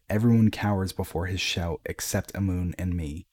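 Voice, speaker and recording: A man reading a dramatic first-person story in a grave, measured way. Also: deep voice, darkish tone, husky.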